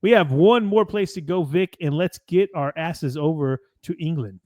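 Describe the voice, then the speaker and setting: Here an American co-host on a podcast talks sports in a relaxed, rambling way, going through match notes and dropping the occasional swear word. He speaks at normal speed with a somewhat high, slightly mellow voice. It's studio-quality audio with no echo.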